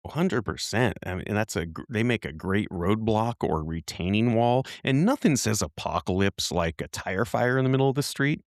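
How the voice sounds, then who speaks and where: A man co-hosting a podcast in casual chat, animated, curious and joking. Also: on the low side, normal speed, few pauses, no echo, clean studio sound. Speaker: podcast co-host.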